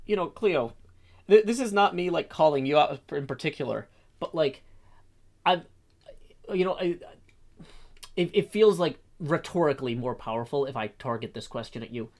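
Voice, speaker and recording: A man's voice: a little high, animated, normal speed, long pauses, a little mellow. A middle-aged man chatting casually on a stream, rambling with frequent restarts and fillers. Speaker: streamer and host. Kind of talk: casual chat.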